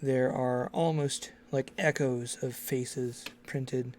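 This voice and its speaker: A man narrating an online tabletop game as game master, unhurried and with many fillers. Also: medium pitch, steady tone, a little mellow, slight background noise.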